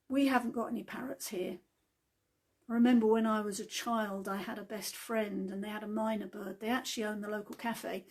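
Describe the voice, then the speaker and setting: A woman giving a gentle devotional talk in an unhurried, chatty storytelling manner. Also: fairly high pitch.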